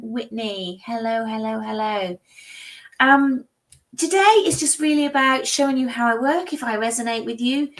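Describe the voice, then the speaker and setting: A woman's voice: medium pitch, rough recording. A woman hosting a live tarot stream, chatting and greeting viewers by name. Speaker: psychic tarot reader and livestream host. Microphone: streaming setup.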